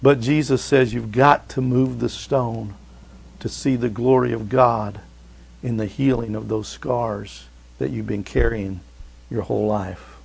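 A man preaching a sermon to his church, swinging from loud urging to hushed, tender lines. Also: medium pitch, fairly even intonation, a little slow, gravelly, husky. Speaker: pastor.

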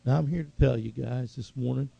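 A man preaching a sermon, swinging from loud, high exhortation to hushed, slow earnestness. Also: vocal fry, husky, no echo, dull audio.

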